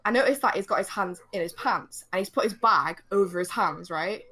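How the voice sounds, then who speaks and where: A young adult woman telling an animated, swear-heavy story in casual podcast chat, building to indignant outbursts. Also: medium pitch, fairly quick, husky.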